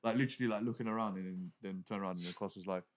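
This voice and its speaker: A man with a low voice talks quickly as a guest in a casual podcast chat. He rambles and fills his sentences with "like". His thoughts come out in loose, restarting runs. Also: fairly even intonation, slight background noise. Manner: rambling, packed with "like" fillers and restarts.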